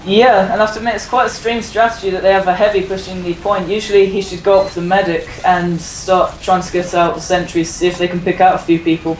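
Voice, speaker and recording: A man from England with an English accent, a guest commentator giving measured, understated game analysis. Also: high-pitched, level tone, distant mic. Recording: echoey room with background noise.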